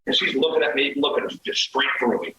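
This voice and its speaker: A middle-aged man telling a dating story as a podcast guest, animated, swearing and acting out the quoted lines. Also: mid-range voice, brisk, roomy sound, rough recording. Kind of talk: casual storytelling.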